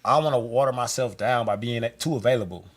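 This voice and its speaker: A man in casual chat, telling stories with lively energy and acting out other people's voices. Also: mid-range voice, quick pace. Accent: Milwaukee, US. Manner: animated storyteller, acts out voices with laughter. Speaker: guest rapper.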